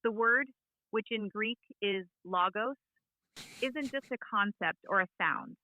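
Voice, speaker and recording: An AI voice assistant with a woman's smooth synthetic voice, delivering a simulated sermon clearly and with conviction. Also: mid-range voice, unhurried, bright, forceful tone. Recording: tinny phone speaker playback.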